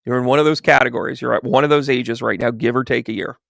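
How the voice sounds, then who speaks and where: A man's voice: mid-range voice, quick pace, gravelly, no room sound, studio quality. A man who works as a medium, chatting through a tarot reading and acting out the voices in his stories. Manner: animated storyteller, acts out quoted voices. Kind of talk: livestream tarot reading and chat.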